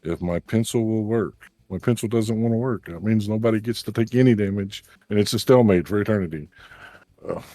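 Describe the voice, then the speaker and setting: A man narrating as game master of a tabletop game, with measured, descriptive narration and casual asides. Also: on the low side, warm tone, no echo, faint music behind.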